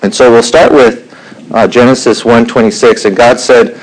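A middle-aged man teaching a Bible lesson in an unhurried way, with frequent fillers and the odd throat clearing. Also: mid-range voice, fairly even intonation, rough recording.

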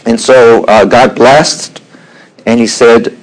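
Man, middle-aged, Bible lesson, unhurried, filler-heavy, clears throat. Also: mid-range voice, fairly even intonation, low-quality recording. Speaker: Bible teacher. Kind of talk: Bible teaching lecture.

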